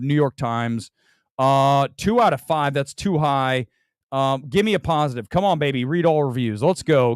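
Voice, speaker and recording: A man's voice: sits high, no echo, clean studio sound. A man hosting a movie review show, ranting combatively about critics' reviews with mocking, theatrical outbursts. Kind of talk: ranting commentary on film reviews.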